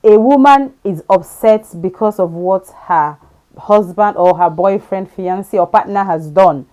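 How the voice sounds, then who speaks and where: A woman hosting a casual interview chat, speaking in a measured, careful way that drops low at the ends of phrases. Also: dark tone. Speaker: host.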